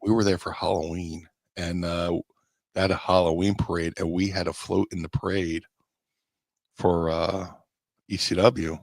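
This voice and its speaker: A man's voice: low-pitched, flat delivery, normal speed, creaky, dry recording. A middle-aged man co-hosting a live wrestling chat show, telling rambling self-deprecating road stories. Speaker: podcast co-host, former wrestler. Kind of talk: casual storytelling chat. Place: home studio on a live stream.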